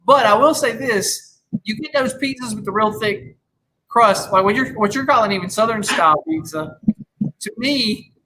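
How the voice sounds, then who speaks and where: Podcast host, man in his thirties, loose rambling chat, swears a lot, bright tone, faint hiss behind. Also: high voice, normal speed, poor audio. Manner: rambling, swears freely, many restarts. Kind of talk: casual chat.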